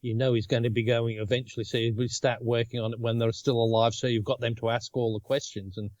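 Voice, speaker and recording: A man's voice: medium pitch, flat delivery, fast talker, darkish tone, dry recording, dull audio. Australian male co-host, fifties, easygoing and chatty, dry close recording. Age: 50s. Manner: chatty, laughs often. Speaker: podcast co-host. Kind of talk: casual chat.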